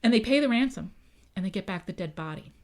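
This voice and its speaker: A woman historian chats through local history in a relaxed, conversational way. She keeps checking in with her listener and slips into little voices for the people she talks about. Her voice sits at an ordinary middle pitch. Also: fast. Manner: lively, acts out quoted voices, often adds "right?". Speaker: town historian. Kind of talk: casual storytelling in a podcast interview.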